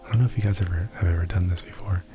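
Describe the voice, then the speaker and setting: A man doing whispered role-play as an ASMR creator, soft-spoken, rambling and self-deprecating. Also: low-pitched, steady tone, racing, music in the background.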